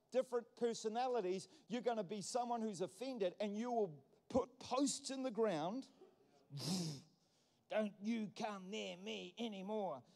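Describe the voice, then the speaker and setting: In a church hall with long reverb, a male pastor preaches a sermon, emphatic and repetitive, using wordplay to build his points. His voice sits high with a darkish tone.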